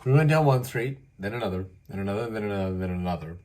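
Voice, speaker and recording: A man from Canada telling a story casually, lively and full of asides, as host. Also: on the low side, fast talker. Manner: animated, acts out voices, many asides.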